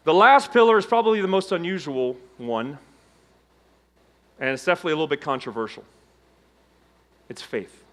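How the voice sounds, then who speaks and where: A middle-aged man giving a motivational keynote on stage, telling his story with dramatic swings between loud emphasis and hushed low tones. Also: normal speed, long pauses. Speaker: keynote speaker. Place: conference stage before a live audience.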